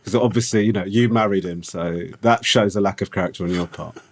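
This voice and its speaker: A man's voice: sits low, brisk, slight background noise, pitched below the performer's own voice. A man voicing a stiff male military official lecturing a widow, with a British accent and a dry, officious manner.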